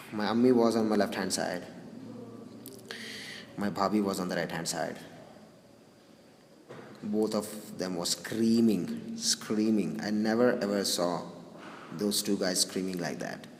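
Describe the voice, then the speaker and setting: A grieving man recalling a family funeral, speaking haltingly with many restarts and sighs. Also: low voice, creaky. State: grieving, subdued. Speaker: grieving brother recounting a funeral. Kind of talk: personal spoken recollection. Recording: roomy reverberant hall with faint noise.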